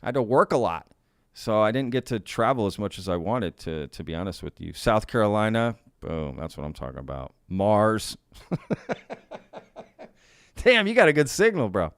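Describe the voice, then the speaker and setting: An upbeat man hosts a casual live stream, reading live chat, greeting viewers and laughing easily, much like a podcast host. His fairly low voice is smooth and clear with lively intonation at a moderate pace. The sound is dry and close to the mic, with no echo.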